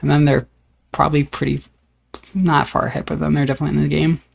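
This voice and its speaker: Gravelly-voiced man narrating his card game. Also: on the high side, fast. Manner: thinks aloud about each play, relaxed and upbeat. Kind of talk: casual gameplay commentary.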